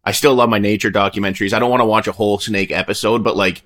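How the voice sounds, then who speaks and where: A man co-hosting a podcast, talking fast and excitably with heavy swearing. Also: lowish voice. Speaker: podcast co-host. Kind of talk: casual chat.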